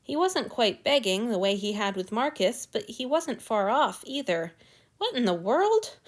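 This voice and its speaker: A woman narrating a fan fiction story aloud with a steady, expressive reading. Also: a little high, moderate pace. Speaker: story reader.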